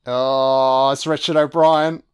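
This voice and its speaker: A man's voice: medium pitch, flat delivery, slow pace, clear, resonant tone. A man giving a casual, profane and sarcastic film commentary as host.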